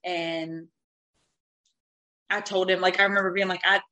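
A woman in her thirties tells a personal story with candid, animated energy, acting out what people said and swearing freely. Her voice is bright and forward. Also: lowish voice, a little slow, poor audio. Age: 30s.

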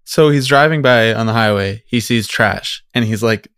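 A man's voice: mid-range voice, moderate pace, fairly bright tone, smooth, no echo. A man co-hosting a podcast in casual chat, who laughs often and quotes clips with dry humor. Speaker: podcast co-host.

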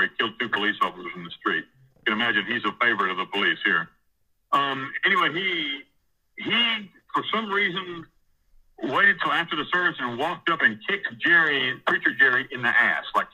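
A man's voice: mid-range voice, sharp tone, husky, rough recording. A man in prison telling a rambling, profane story about taking over church services, often acting out what others said. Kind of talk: casual storytelling interview.

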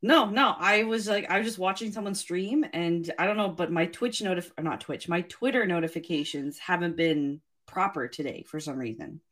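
A woman's voice: fairly low pitch, moderate pace, few pauses, a bit bright. A woman co-hosting a podcast, teasing and bantering playfully in casual chat.

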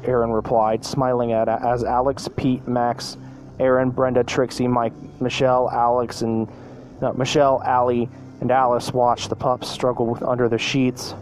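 A man's voice: medium pitch, level tone, moderate pace, darkish tone, faint music behind, low-quality recording. A man reading a fan story aloud as narrator, often tripping over words and correcting himself mid-sentence. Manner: stumbling, self-correcting reading.

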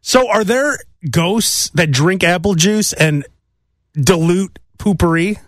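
A man's voice: sits high, slow pace, dry recording, clean studio sound. A man hosting a solo comedic monologue, rambling through stories and mimicking voices. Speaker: podcast host.

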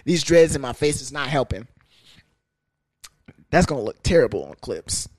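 A young man hosting a podcast, talking in a crude, animated, comedic monologue that keeps jumping into high sing-song bits. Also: normal speed, pauses often, dry recording. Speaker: podcast host.

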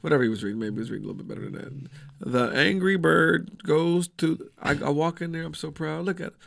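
A man's voice: medium pitch, very fast, creaky. A middle-aged man, a comedian guest, telling family anecdotes in casual chat and acting out the voices of his kids and wife. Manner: animated storyteller acting out family scenes.

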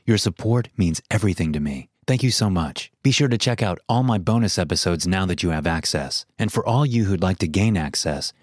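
A man narrating a first-person horror story in a slow, measured, suspenseful way, as the host of his own story channel. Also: low-pitched, no room sound.

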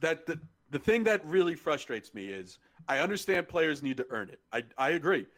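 Exasperated man, higher-pitched voice. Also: sing-song, moderate pace, fairly bright tone. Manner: exasperated, repeats himself when worked up. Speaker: podcast co-host. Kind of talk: casual sports chat.

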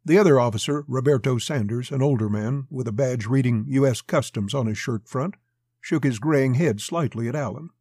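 A man narrating a western novel in a steady storytelling voice. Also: mid-range voice, a little fast, slightly rough, dry recording, studio quality. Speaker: audiobook narrator.

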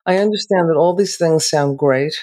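A woman talking as a therapist on a podcast, calm and measured, slowing down to make her points. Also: low-pitched. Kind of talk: reflective podcast conversation.

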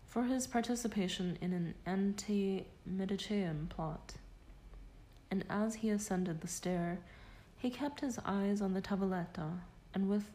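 A woman narrating a scholarly nonfiction audiobook in a measured, deliberate manner. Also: mid-range voice, mellow, poor audio. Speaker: audiobook reader.

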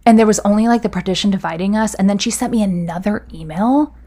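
A young woman with a warm, mid-range voice tells a personal story fast and casually. She's chatty, peppers it with "like," and acts out what people said.

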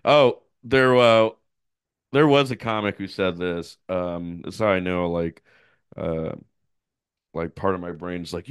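A man's voice: low voice, a little slow, clean tone, dry recording, studio quality. A young man co-hosting a podcast, telling rambling stories in casual chat, acting out quotes and laughing a lot. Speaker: podcast co-host.

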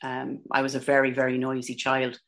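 A woman's voice: extremely low pitch, completely flat delivery, a little fast. An Irish woman from Ireland chatting as a guest in an interview over a remote call, talking freely with plenty of ums and restarts in a self-deprecating way. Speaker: guest, country singer. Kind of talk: casual interview chat.

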